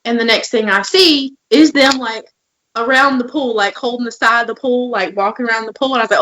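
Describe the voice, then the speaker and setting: A woman's voice: fairly high pitch, a little fast, a bit bright, rough recording. Candid storytelling woman co-host. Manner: candid storyteller, acts out quoted lines. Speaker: podcast co-host. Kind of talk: casual podcast chat.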